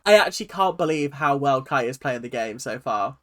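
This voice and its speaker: A man, hosting a casual reaction video, jokey and animated, laughing at himself. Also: medium pitch, moderate pace.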